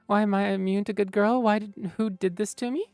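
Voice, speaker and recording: A woman's voice: medium pitch, steady tone, fairly quick, darkish tone, clear, resonant tone, no room sound, soft background music. Playful woman streamer chatting casually. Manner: playful, teasing. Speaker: streamer reading chat. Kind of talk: casual livestream chat.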